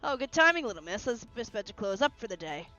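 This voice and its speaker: A woman's voice: fairly high pitch, sing-song, very fast, pushed and bright. A woman reading aloud the lines of a friendly, chatty food-stand vendor, over faint music on a lo-fi recording. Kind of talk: reading game dialogue aloud.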